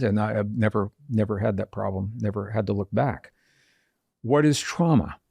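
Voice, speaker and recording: A man being interviewed as a guest author, telling personal stories and explaining ideas in a measured, earnest way. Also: lowish voice, gravelly, mellow, no room sound, studio quality. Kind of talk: reflective interview storytelling.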